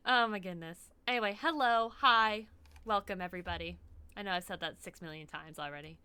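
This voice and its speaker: Woman, game streamer, excitable, swears a lot, smooth crisp voice, dry sound. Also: on the high side, fairly quick, no room sound. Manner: excitable, laughs often, swears freely. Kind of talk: casual live-stream chat while gaming.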